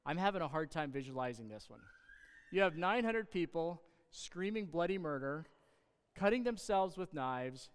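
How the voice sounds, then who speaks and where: Animated man preaching in a reverberant hall. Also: fairly high pitch, normal speed, smooth. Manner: animated, sarcastic asides, rising to loud emphasis. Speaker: pastor. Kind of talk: sermon with scripture reading.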